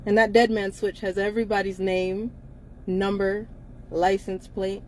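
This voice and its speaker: A woman's voice: mid-range voice, level tone, measured pace, a little mellow, slight background noise. Blunt, laughing woman chatting in a car. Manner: blunt, emphatic, laughs often between lines. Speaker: co-host of a live chat. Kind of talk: casual live-stream chat. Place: inside a car.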